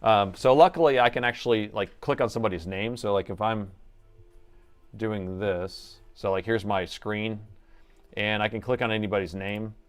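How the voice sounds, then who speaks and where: A man's voice: lowish voice, fairly even intonation, normal speed, clear, resonant tone, soft background music. A man chatting casually on a live repair stream, rambling, laughing and reading viewer comments aloud.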